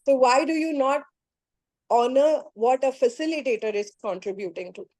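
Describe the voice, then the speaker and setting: A woman's voice: high voice, moderate pace, darkish tone, no echo, poor audio. A woman facilitator on a group call, talking firmly and insistently to her participants. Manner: firm, insistent, scolding.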